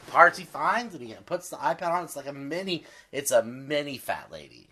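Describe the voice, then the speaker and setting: A man's voice: fairly high pitch, big pitch swings, normal speed, pushed and bright, slightly rough. A man co-hosting a podcast, chatting casually and often filling his talk with "like.". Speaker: podcast co-host.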